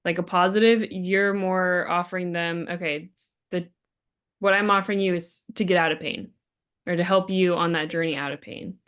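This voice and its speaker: Smooth, low-voiced woman asking questions. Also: fairly even intonation, fairly bright tone. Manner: quick, thinking aloud with many fillers. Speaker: student. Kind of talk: asking questions in a coaching session.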